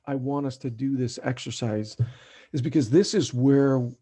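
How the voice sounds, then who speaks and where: Over a video call, a man runs an online parenting workshop, his mid-range voice mellow as he chats along and keeps asking "right?" to check in. The sound comes through a computer microphone.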